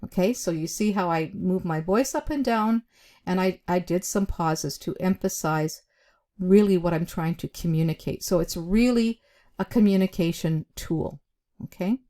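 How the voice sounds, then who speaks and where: A woman with a low, mellow voice teaches interview skills to camera. She speaks deliberately, stressing key words and leaving short pauses. Her talk is chatty, with plenty of "um"s along the way. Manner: chatty, with frequent fillers. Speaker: job skills instructor.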